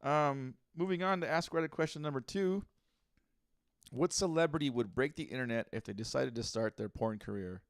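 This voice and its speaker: A man's voice: mid-range voice, moderate pace, no room sound, studio quality. A man co-hosting a comedy podcast, reading out listener posts and riffing bluntly with lots of fillers and swearing. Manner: blunt, profane, filler-heavy. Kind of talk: casual comedic chat.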